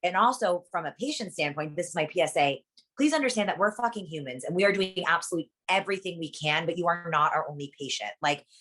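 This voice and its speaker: Fast-talking blunt woman, lower voice. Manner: rapid, animated, peppered with "like" and "you know what I'm saying"; blunt, swears freely. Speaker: surgery practice patient coordinator. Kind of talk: casual interview chat.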